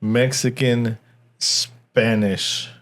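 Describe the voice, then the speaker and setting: A man's voice: medium pitch, level tone, extremely slow, fairly bright tone. Rambling male podcast co-host. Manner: rambling, stumbling restarts, laughs often. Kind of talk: casual movie review chat.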